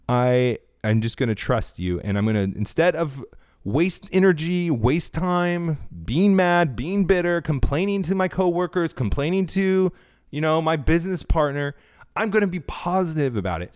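A man's voice: on the high side, moderate pace, clear, resonant tone, no room sound, clean studio sound. A man hosting a faith-based business podcast, talking earnestly, often restarting his sentences and getting fired up as he preaches. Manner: earnest, self-correcting, animated preaching tone. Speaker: podcast host.

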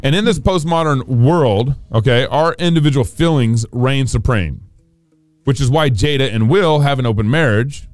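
A man's voice: medium pitch, dry recording. Guy hosting a comedy show, self-mocking and rambly, bouncy voice, bit of music under him. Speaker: comedy podcast host. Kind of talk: joking commentary.

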